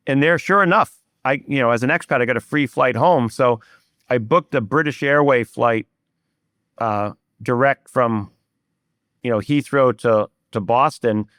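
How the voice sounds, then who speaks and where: An older man tells a personal story in a candid, halting way, full of fillers and restarts. His voice is smooth and resonant, at a middle pitch, and the recording is close and dry. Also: fairly bright tone, no echo. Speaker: guest, private equity investor. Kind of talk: storytelling in an interview.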